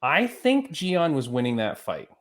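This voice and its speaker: A man's voice: fairly high pitch, huge pitch swings, measured pace, noisy background. A man hosting a podcast, asking casual, friendly questions and checking in with "right?". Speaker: podcast host.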